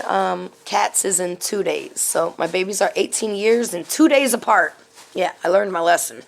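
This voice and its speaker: Middle aged lady doing a casual tarot reading, gravelly voice, blunt, bit of hiss behind her. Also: mid-range voice. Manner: blunt, outspoken, drifts between murmuring and animated storytelling. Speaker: tarot reader and channel host.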